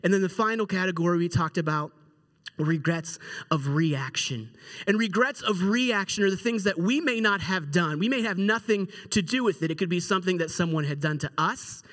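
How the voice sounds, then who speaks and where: A middle-aged man preaching a sermon as a pastor, telling a story in an animated, conversational way and acting out the quotes. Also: high voice, moderate pace.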